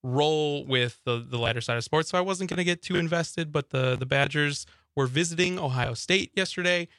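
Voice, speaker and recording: Chatty radio co-host guy, bright slightly high voice, dry studio sound. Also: normal speed, dry recording. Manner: chatty storyteller, laughs often, acts out his own thoughts. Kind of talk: casual radio chat.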